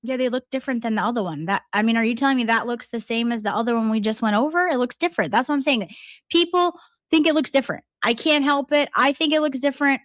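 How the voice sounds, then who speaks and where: Defensive woman, slightly high voice. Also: fast talker, no echo, studio quality. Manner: defensive, repeats herself. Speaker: streamer in an argument. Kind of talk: heated argument on a stream.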